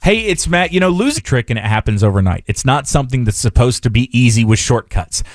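A man's voice: medium pitch, lively intonation, fairly quick, faint music behind. A man reading a personal testimonial radio ad in an earnest, persuasive tone. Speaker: ad spokesman.

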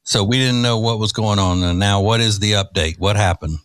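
A man's voice: fairly low pitch, moderate pace, fairly bright tone, smooth, dry recording. A man hosting a morning radio show, casually setting up his co-host's story and keeping an eye on the time. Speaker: radio host.

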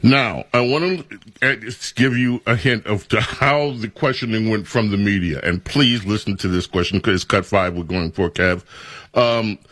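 Male talk radio host, lowish voice, rambling and incredulous. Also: moderate pace, a bit bright.

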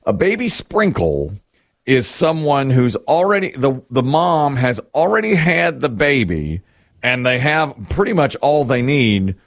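A middle-aged man chatting casually on a talk show, rambling through a self-deprecating story about his family. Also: a little slow. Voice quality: animated, lively pitch swings. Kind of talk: casual morning-show chat.

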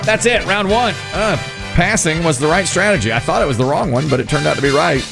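A man's voice: fairly high pitch, animated, fast, creaky, loud music behind the voice. A man hosting a survey game show, upbeat and joking as he reads answers and questions.

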